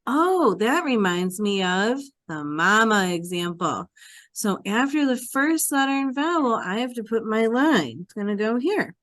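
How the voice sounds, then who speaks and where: A woman's voice: a little high, very animated, unhurried, fairly bright tone, no room sound, clean studio sound. A woman who teaches Hebrew, explaining a reading lesson step by step in a patient, repetitive classroom manner.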